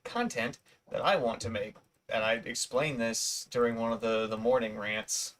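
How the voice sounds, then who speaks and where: A man's voice: mid-range voice, normal speed, fairly bright tone. A man hosting a casual chat, rambling with restarts and casual swearing. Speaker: channel host.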